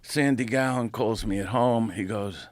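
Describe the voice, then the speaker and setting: A middle-aged man, a comedian telling a profane, animated story on a podcast. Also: lowish voice, a little slow, no room sound. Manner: animated, profane, acts out quotes. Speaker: comedian guest.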